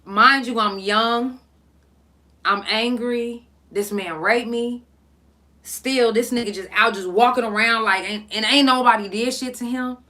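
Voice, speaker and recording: A young woman hosting a podcast, telling a story in blunt, profane, animated casual talk. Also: fairly high pitch, unhurried. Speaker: podcast host.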